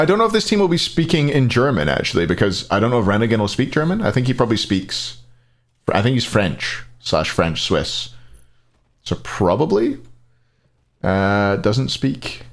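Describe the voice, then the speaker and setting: A man hosting an esports tournament live stream, chatting casually, thinking aloud and answering chat. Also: fairly low pitch.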